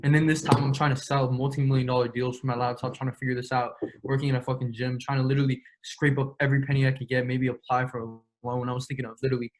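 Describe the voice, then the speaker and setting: A man's voice: mid-range voice, flat delivery. A young man, the interview guest, telling his story in casual, slangy, profane talk full of quoted back-and-forth. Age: young adult. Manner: slangy, profane, quick retelling with quoted dialogue.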